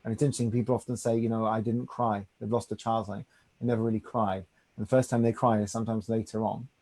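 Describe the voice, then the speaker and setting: A man's voice: on the low side, flat delivery, fast talker, darkish tone. A man, a rabbi teaching a study class in a conversational way, often checking in with "right?". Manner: conversational, reassuring, asks "right?".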